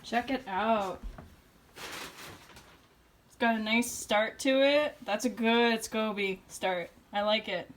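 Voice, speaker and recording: A woman vlogging casually at home, chatty and relaxed, laughing often between remarks. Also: fairly high pitch, slow pace, pauses often, slight background noise. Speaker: homesteading vlogger. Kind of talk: casual chat to camera. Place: home kitchen indoors.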